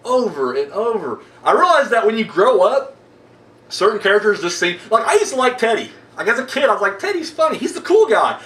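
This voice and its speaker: A man giving a casual, excitable horror movie review, swearing often and laughing as he talks. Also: high voice, recorded from a distance. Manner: excitable, profane, laughs while talking. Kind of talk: casual rambling film review. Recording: roomy sound, away from the mic.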